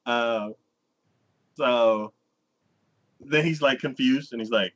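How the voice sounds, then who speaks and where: A man hosting a podcast casually recaps an anime episode, acting out its characters in exaggerated voices. He has a medium-pitched voice and talks slowly, and the podcast audio is dull and lo-fi.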